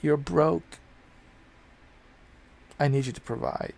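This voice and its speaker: A man's voice: fairly high pitch, takes it slowly, creaky, darkish tone, exaggerated voice. A man putting on the voice of a demanding, materialistic woman on a date, mock-sweet and dismissive.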